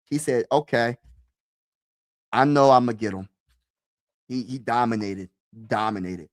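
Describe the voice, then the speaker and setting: A young man riffing on football to his live-stream viewers in a loose, slangy way, tossing in "bro" constantly. He gets loud and animated at times. The sound is dry, with no room echo at all. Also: mid-range voice, a little slow. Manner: animated, slangy, says bro a lot, shouts and laughs. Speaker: sports streamer. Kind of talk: casual live-stream sports chat.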